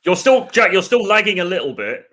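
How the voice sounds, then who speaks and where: A man's voice: high voice, very animated, a little fast, fairly bright tone. A man hosting a live video-call chat show, talking in a chatty, rambling way with light teasing. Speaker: podcast host. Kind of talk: casual live-stream chat.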